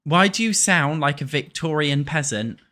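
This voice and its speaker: Posh-sounding British streamer, casual live chat, bright tone. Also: male voice, a little high, normal speed. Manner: chatty, joking, self-described posh.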